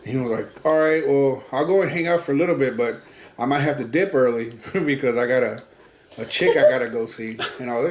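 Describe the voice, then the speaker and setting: A man's voice: medium pitch, brisk. A man casually telling a story to friends, swearing freely and acting out friends' lines in a raised voice. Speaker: podcast co-host. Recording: roomy echo.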